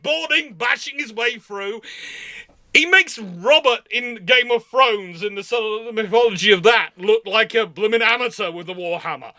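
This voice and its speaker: High, bright-voiced male history presenter. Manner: enthusiastic, animated storytelling with frequent restarts. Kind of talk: informal history lecture.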